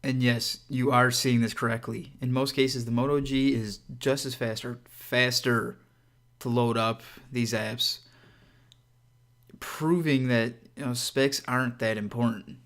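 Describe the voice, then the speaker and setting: A man hosts his own channel and walks through a phone review in a relaxed, conversational way. He sounds upbeat and direct, with an ordinary middle-pitched voice, and keeps turning to the viewer with casual asides. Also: measured pace. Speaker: tech reviewer and channel host.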